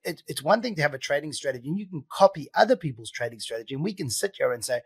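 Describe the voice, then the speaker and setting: A man's voice: on the high side, expressive, rapid-fire, slightly rough, no echo. A man hosting a podcast, chatting casually and asking probing questions with frequent fillers. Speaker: podcast host. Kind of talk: casual interview chat.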